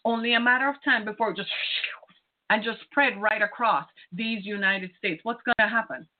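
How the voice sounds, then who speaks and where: A woman's voice: mid-range voice, moderate pace. A woman podcast host giving an impassioned, preaching monologue, firing rhetorical questions at the listener. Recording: tinny phone-like sound.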